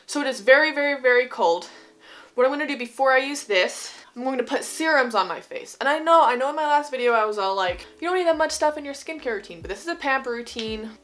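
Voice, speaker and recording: A woman's voice: a little high, a bit bright. A young woman from Utah with a slight Utah accent, chatting through an at-home skincare routine in a bubbly, rambling way. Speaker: beauty vlogger. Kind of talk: casual skincare tutorial. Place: home, indoors.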